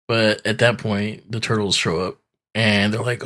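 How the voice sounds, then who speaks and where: A man co-hosting a podcast, recapping a cartoon episode in a relaxed, rambling way and acting out the characters' lines. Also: lowish voice, slow pace. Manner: laid-back storytelling, acts out characters in quotes. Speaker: podcast co-host. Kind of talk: casual recap chat.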